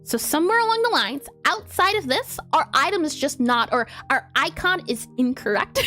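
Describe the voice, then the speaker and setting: Giggly high-voiced woman coding live. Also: very animated, normal speed, pushed and bright, faint music behind. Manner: giggly, explains step by step while thinking aloud. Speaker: game developer streaming. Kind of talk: casual live coding stream.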